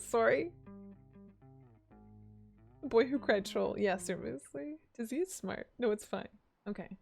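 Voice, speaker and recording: Lively high-voiced woman streamer. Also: measured pace, creaky, long pauses, faint music behind. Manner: chatty, giggly, answers chat. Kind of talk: casual live-stream chat.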